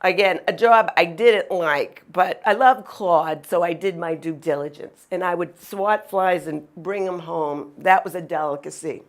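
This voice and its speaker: Animated woman telling childhood stories. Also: fairly low pitch, unhurried, hardly any pauses. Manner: animated, acts out sounds and quotes. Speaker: storyteller. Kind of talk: personal storytelling.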